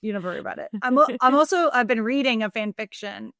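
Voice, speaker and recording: A woman co-hosting a podcast, recapping a book in a casual, animated and joking way, with plenty of swearing. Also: fairly high pitch, very fast, no room sound, studio quality. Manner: animated, profane, joking storyteller. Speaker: podcast co-host.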